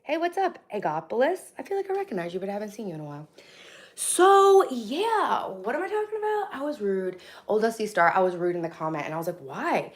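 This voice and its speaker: A woman's voice: medium pitch, huge pitch swings, racing, hardly any pauses, slightly rough. Chatty hungover woman streaming from home. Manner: chatty, blunt, swings between loud and soft, reacts to chat. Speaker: live stream host. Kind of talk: casual live-stream chat reading comments. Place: home kitchen.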